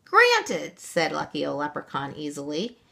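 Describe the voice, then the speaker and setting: A woman reading a children's story aloud, expressive and gentle. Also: sits low, slow.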